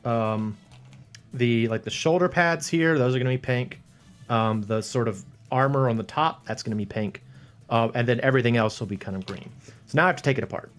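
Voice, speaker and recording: A man with a mid-range voice talks briskly while painting a model on a live stream, thinking aloud, rambling and chuckling to himself as he addresses viewers. Faint music plays in the background.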